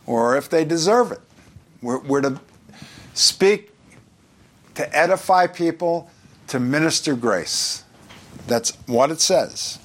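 A pastor from New York with a New York accent, preaching in a conversational way with joking asides and scripture read aloud. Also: male voice, on the high side, animated, slow pace, long pauses. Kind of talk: sermon.

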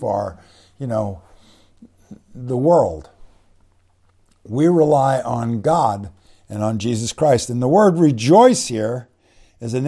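A man's voice: mid-range voice, warm tone. A man preaching a conversational bible-teaching sermon, explaining Greek words and often saying "you know" between phrases. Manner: conversational, many fillers and restarts; spells out Greek words slowly.

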